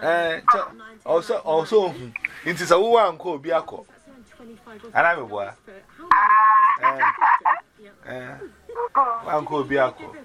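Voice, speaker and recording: Speaking slowly with long pauses, a Ghanaian-accented man gives a personal testimony over a video call amid very heavy noise. He narrates vividly, his voice leaping between high and low pitches.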